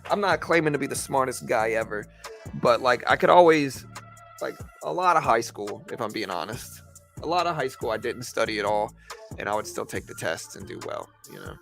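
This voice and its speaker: Gravelly man chatting casually on stream. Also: medium pitch, big pitch swings, fairly quick, fairly bright tone, faint music behind. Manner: rambling, full of fillers like "man" and "like". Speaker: trading live-stream host. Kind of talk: casual live-stream chat.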